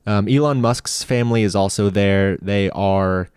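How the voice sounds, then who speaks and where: Podcast comedian, deadpan and mock-serious, lowish voice, dry close sound. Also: male voice, measured pace, smooth, dry recording. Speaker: podcast co-host and script writer.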